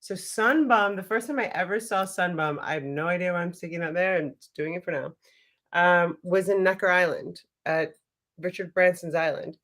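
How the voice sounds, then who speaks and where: A woman's voice: on the low side, moderate pace, a bit bright. A woman hosting a casual livestream, chatty and giggly, who swears freely and talks straight to her viewers. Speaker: livestream host.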